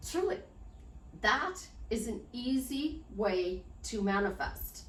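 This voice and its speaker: A woman life coach with a slightly high, somewhat bright voice talks slowly but with lots of animation in an upbeat, unedited vlog. She promotes herself and speaks directly to her viewers. The room is echoey and the mic sits at a distance.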